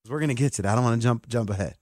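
A man hosting a sports talk show, excitable and emphatic like a hyped fan. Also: medium pitch, rapid-fire, no echo, studio quality. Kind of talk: animated sports podcast talk.

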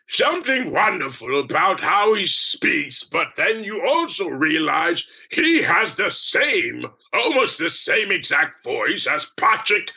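An excitable middle-aged man chatting in an interview, his voice bright and forceful. He stumbles through restarts and keeps sliding into other people's voices as he talks. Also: a little high, slow, husky. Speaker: impressionist guest.

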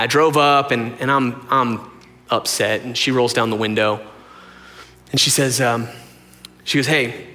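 A man's voice: medium pitch, pushed and bright. A man, a pastor, telling a story in a casual, rambling, self-deprecating sermon with plenty of fillers. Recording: long reverb of a large hall.

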